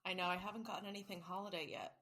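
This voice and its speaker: A woman's voice: fairly low pitch, steady tone, racing, bright, forceful tone. A woman co-hosting a casual book podcast, chatty and self-mocking, swearing now and then. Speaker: podcast co-host. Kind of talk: casual chat.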